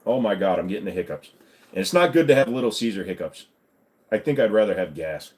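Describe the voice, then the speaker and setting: A man's voice: on the low side, animated, quick pace, a little mellow. A man hosting a casual live-stream Q&A, joking around and swearing freely while he answers chat. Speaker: livestream host.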